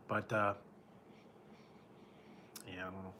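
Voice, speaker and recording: Man, unhurried casual chat, bright tense tone, frequent chuckles, faint room hum. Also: on the low side. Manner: laid-back, chuckles often, playful surfer-dude mimicry. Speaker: food vlogger chatting with viewers. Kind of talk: casual live-stream chat.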